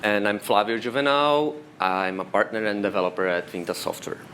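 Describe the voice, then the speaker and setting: A man's voice: lowish voice, brisk, slight background noise. A man from Brazil with a Brazilian accent and Portuguese as his first language, giving a technical conference talk that walks step by step through how things work. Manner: explanatory, steady walk-through of technical steps. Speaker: conference speaker. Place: conference room.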